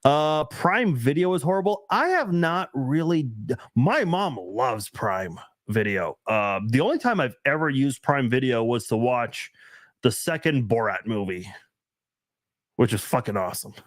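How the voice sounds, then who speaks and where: A man's voice: mid-range voice, sing-song, a little slow, no echo, studio quality. A young man hosting a casual live stream, reading viewer comments aloud and rambling in a self-mocking way.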